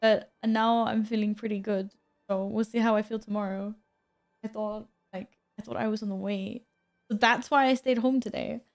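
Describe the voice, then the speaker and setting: A woman's voice: medium pitch, fairly even intonation, normal speed, gravelly, faint music behind. A woman streaming a game and chatting casually, greeting viewers by name and laughing often, a little stuffy from a cold. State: slightly stuffy, recovering from a cold. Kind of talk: casual live-stream chat.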